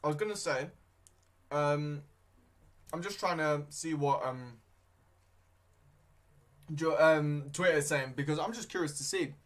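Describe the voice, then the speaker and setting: Higher-voiced man rambling about football. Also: unhurried, long pauses, a bit bright. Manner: rambling, hesitant, many fillers; talking with his mouth full at times. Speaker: football watchalong streamer. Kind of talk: casual live match commentary.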